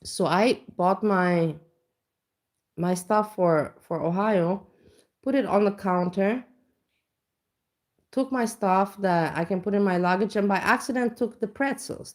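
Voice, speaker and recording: This time her voice is medium in pitch and darkish in tone, moving at a moderate pace. Standing in her kitchen at home, she rambles through a casual reaction chat, restarting often and poking fun at herself.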